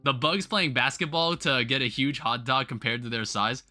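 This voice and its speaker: A young man hosting a game livestream, chatting casually to his viewers in a rambling, animated way, full of restarts and quick laughs. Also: medium pitch, soft background music. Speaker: livestream host.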